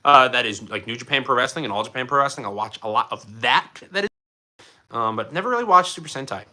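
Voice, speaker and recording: Bright, lively American man chatting live. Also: mid-range voice, fast talker. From Philadelphia, USA. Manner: chatty, enthusiastic, jumps between topics. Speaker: livestream host. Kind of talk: casual live chat answering viewers.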